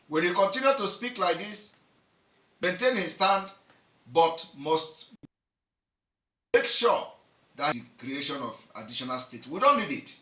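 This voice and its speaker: A man hosting an online live show, giving emphatic, repetitive commentary that swings between loud and soft. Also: on the high side, reverberant, far from the mic, low-quality recording.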